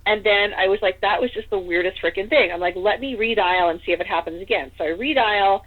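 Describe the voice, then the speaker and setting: A woman's voice: mid-range voice, fast talker. A woman from Northern California telling a story as a podcast guest, chatty and rambling, with lots of "like" and "you know.". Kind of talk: casual storytelling in an interview. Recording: tinny phone-line audio.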